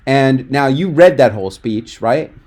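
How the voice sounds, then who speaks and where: A man's voice: mid-range voice, lively intonation, a little slow, darkish tone. Emphatic man coaching on a video call. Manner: direct, emphatic, encouraging. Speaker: speaking coach. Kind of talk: webinar coaching feedback.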